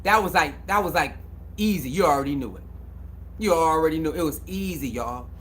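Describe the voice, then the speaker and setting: A man's voice: a little high, animated, brisk, fairly bright tone, a little hiss or hum. A man giving a casual, emphatic sports commentary monologue, repeating phrases for emphasis and using slang. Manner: emphatic, repetitive, preachy, slangy.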